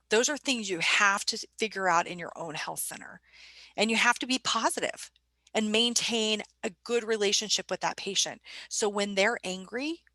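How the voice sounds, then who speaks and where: A woman's voice: medium pitch, bright, forceful tone, no room sound. A woman presenting a staff training webinar in a conversational way, putting questions to her audience.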